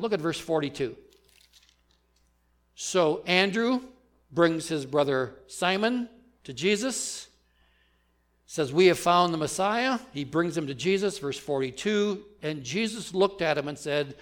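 A man's voice: a little high, lively intonation, a little slow, fairly bright tone. Earnest male pastor preaching a sermon. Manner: earnest, emphatic, asks the congregation questions. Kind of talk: expository sermon.

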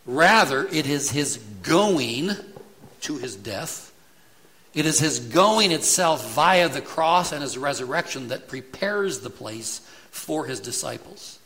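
A man's voice: a little high, animated, slow, pushed and bright, poor audio. A man preaching a sermon emphatically, asking the congregation rhetorical questions. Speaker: pastor.

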